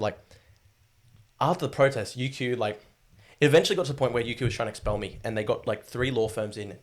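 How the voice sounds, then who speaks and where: A young Australian man in his twenties, speaking in a voice on the low side, tells his story as a guest. His telling rambles casually and is full of fillers and swearing.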